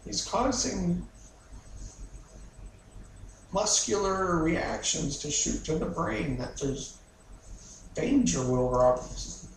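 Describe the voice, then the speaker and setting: Slow gravelly man in echoey room. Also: on the high side. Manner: blunt and profane, with bitter laughs. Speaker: therapy client. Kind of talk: recounting a painful memory in a session. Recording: echoey room, mic far off, faint noise.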